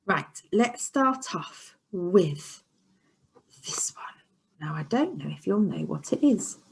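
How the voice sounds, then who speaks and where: A woman teaching a phonics lesson to young children in an encouraging, sing-song way, sometimes dropping to a soft whisper. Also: fairly low pitch, animated, slow pace, vocal fry, husky. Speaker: early years teacher. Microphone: camera she sets up herself.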